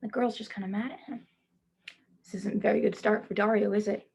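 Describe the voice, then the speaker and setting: A woman teacher reading a children's picture book aloud, stopping to gently ask her young listeners questions. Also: medium pitch, steady tone, a little fast, gravelly, husky. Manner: speaks to children as "friends".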